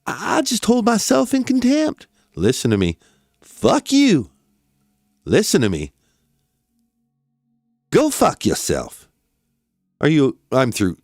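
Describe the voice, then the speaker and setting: Male reader as a shrill, cursing defendant, up and down pitch, dry booth. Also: wildly swooping pitch, slow pace, long pauses, no room sound, faint music behind, full character voice. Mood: defiant. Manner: yelling profanities, stammering. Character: angry male defendant, crude and defiant. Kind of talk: dramatic reading of a court transcript.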